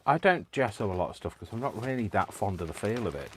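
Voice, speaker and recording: A man's voice: on the low side, expressive, quick pace, noisy background. A man hosting a craft livestream from home, chatting casually and joking with frequent laughter. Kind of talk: casual chat while crafting.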